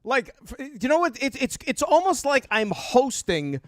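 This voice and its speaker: A man co-hosting sports talk radio, excitable, laughing often and riffing on a joke at length. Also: very high-pitched, normal speed, dry recording, studio quality. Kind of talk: casual sports radio banter.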